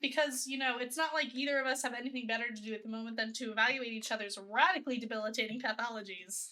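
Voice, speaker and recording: Bright, playful woman co-host. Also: fairly high pitch, steady tone, quick pace. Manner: playful, jokey, swears freely. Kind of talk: casual chat, reading a webcomic aloud.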